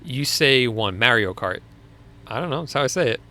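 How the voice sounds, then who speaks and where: Bright, clear Long Island man. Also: mid-range voice, animated, moderate pace. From Long Island, New York. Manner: chatty, laughs easily, restarts often. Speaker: livestream host answering viewer questions. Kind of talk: casual live Q&A.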